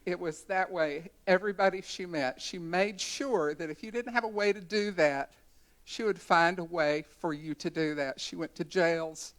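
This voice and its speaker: A woman's voice: lowish voice, normal speed. A woman in her sixties, a community educator, giving a storytelling talk at a symposium in a college conference center.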